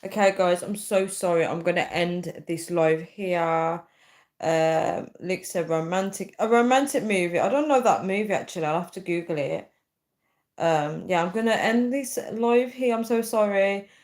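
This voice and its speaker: A young woman chats casually on a live stream, reading out comments and puzzling over them aloud. She rambles, full of "um" and "like", in a fairly low voice. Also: moderate pace, darkish tone. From United Kingdom. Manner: chatty, thinks aloud with many fillers. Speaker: livestream host.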